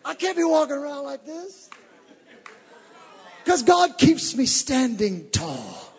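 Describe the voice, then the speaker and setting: A male preacher giving a fervent sermon, rising from teaching to shouted exhortations. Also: extremely high pitch, huge pitch swings, slow pace, in a large hall.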